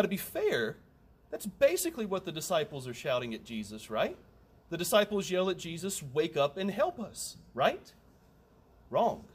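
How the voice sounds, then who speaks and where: A man preaching a sermon in a conversational way, with humorous asides and emphatic repetition. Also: high voice.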